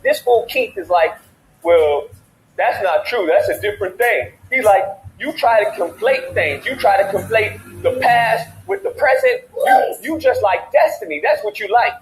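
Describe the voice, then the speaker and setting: Animated man telling a heated story. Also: high voice, normal speed, reverberant, faint music behind, low-quality recording. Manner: animated, reenacts both sides of arguments. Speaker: podcast host.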